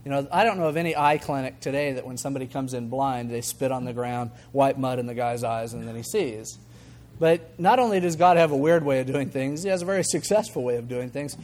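Speaking a little fast in a mid-range voice, an older man preaches as a pastor, weaving stories into his sermon. His delivery is conversational and lively, with chuckles and acted-out voices for the characters he quotes.

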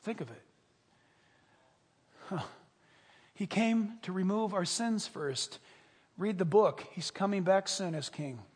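A man preaching a sermon as pastor, dramatic and animated, swinging between loud bursts and hushed, intimate tones. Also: high-pitched, slow pace, pauses often, husky. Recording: long reverb of a large hall.

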